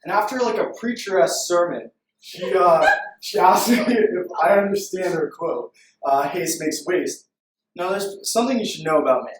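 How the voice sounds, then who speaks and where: A young man from Canada giving a playful, self-deprecating story-driven pitch presentation to a room. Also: animated, normal speed, distant mic, slight background noise. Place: room full of people. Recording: echoey room recorded from afar.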